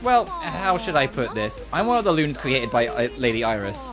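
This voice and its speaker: A woman's voice: rumbling low, very animated, normal speed, music in the background. A woman voicing a grim, loyal monstrous guardian who speaks in a formal, solemn, curt way.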